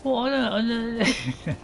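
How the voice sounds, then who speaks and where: A middle-aged man chatting through a game session with playful, rambling asides. His voice sits high for a man and he banters with the characters as he goes. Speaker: gaming channel host. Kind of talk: casual let's-play commentary.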